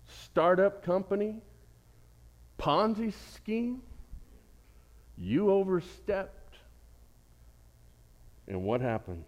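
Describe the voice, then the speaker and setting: Male pastor, animated sermon delivery, lively pitch, playful asides. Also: drawn-out words, long pauses. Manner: animated preaching with jokes and asides.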